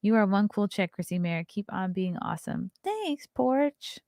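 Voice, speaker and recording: A woman's voice: mid-range voice, expressive, unhurried, creaky, a little mellow, dry recording, clean studio sound. A woman hosting a casual live stream, reading news aloud and adding sarcastic asides to her chat. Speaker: show host.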